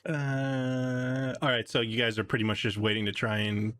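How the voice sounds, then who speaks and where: A man's voice: mid-range voice, moderate pace. A man acting as game master, narrating events loosely with fillers. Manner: relaxed, hesitant narration with fillers.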